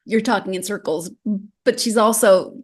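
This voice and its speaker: A woman's voice: mid-range voice, normal speed, a little mellow, husky. Lady hosting a podcast, chatty casual talk, lots of restarts. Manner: chatty, with frequent restarts and laughs. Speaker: podcast host. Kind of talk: casual interview.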